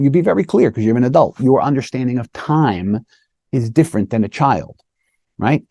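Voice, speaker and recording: A man's voice: medium pitch, expressive, brisk, warm tone, no echo, clean studio sound. A man who is a police lieutenant, teaching interview skills in a casual, conversational way and often checking in with "right?". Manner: conversational, keeps asking "right?" to the listener; acts out short quoted lines of officers and children. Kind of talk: casual instructional talk.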